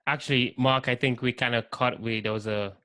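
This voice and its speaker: A man's voice: mid-range voice, fairly even intonation, fairly quick, bright, forceful tone. A man hosting an interview, asking questions and reacting with enthusiasm. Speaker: podcast host. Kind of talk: casual interview.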